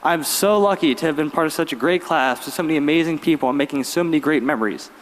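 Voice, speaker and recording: A young man, giving a graduation speech as valedictorian with lively storytelling and wry humor. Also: on the high side, fast. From Virginia, US. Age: late teens. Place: large arena. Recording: long arena reverb.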